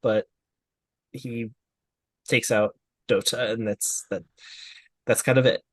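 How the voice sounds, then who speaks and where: A man's voice: mid-range voice, steady tone, slow pace, dry recording. A man co-hosting an anime review podcast, talking casually in a thoughtful, slightly hesitant way. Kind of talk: casual chat.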